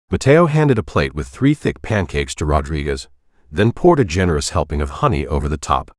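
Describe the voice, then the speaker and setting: A man narrating an audiobook in a steady, even reading voice on a close mic. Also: extremely low pitch, fairly quick, no echo. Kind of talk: scripted narration.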